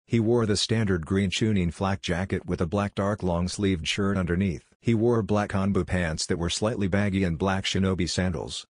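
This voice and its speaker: A man narrating a fan fiction story in a steady, even reading voice. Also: low-pitched, normal speed, hardly any pauses, no room sound, studio quality.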